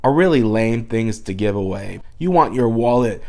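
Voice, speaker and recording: A man, a dad vlogger, giving mock-serious sarcastic advice and swinging between hushed asides and loud bursts. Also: mid-range voice, moderate pace, hardly any pauses.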